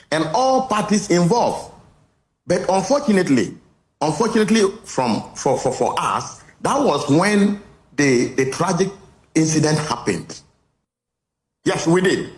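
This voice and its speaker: A man's voice: fairly high pitch, big pitch swings. A man answering interview questions earnestly, often stopping to repeat himself. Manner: earnest, halting, repeats words. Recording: roomy echo.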